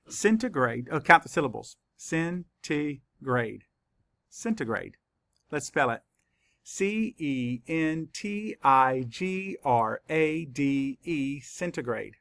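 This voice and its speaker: A man teaching a spelling lesson to children, saying words slowly and spelling them out letter by letter. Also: fairly high pitch, creaky, fairly bright tone, dry recording. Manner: slow, careful letter-by-letter spelling.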